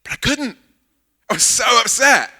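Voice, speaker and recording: A man's voice: extremely high pitch, moderate pace, vocal fry, breathy edge. A man preaching as a guest speaker at a church service, telling a funny personal story and acting out the dialogue. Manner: animated storyteller, acts out quoted dialogue. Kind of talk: sermon with a humorous personal anecdote.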